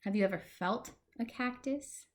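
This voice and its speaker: A woman's voice: on the high side, moderate pace. A woman librarian reading a picture book aloud to preschool children, asking them questions as she goes. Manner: animated, talks to small children.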